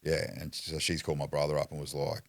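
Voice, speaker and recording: Aussie bloke spinning a yarn on a podcast, super low voice, swears a lot, dead dry sound. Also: male voice, monotone, quick pace, creaky, dry recording. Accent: Australian. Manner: blunt, heavy swearing, acts out quotes. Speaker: podcast guest. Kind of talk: casual storytelling.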